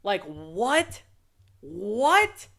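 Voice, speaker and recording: High, animated young man ranting. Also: drawn-out words, vocal fry. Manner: heated, profane, exasperated ranting. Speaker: anime reviewer, channel host. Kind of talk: casual reaction rant.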